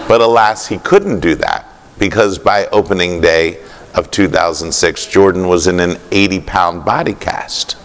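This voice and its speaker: A man with a fairly low, gravelly voice tells an anecdote as a keynote speaker. He paces his story with deliberate pauses and vivid detail. The sound carries a long reverb from a conference hall. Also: a little hiss or hum.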